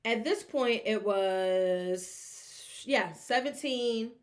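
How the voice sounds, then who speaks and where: A woman hosting a casual solo sports talk show, speaking in an animated, rambling way and acting out the fans' reactions. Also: fairly high pitch, very slow. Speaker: sports podcast host.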